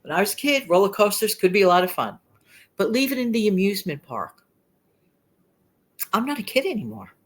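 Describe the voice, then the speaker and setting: This frugal living vlogger, a New York–accented woman in her sixties, talks to camera in a casual, rambling, emphatic way. Her mid-range voice is sing-song and a little fast, with frequent pauses.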